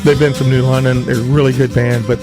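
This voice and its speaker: A man's voice: medium pitch, flat delivery, over music. A man giving weekend entertainment picks as a radio guest, in a chatty, self-joking manner. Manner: chatty, quick asides, laughs at himself.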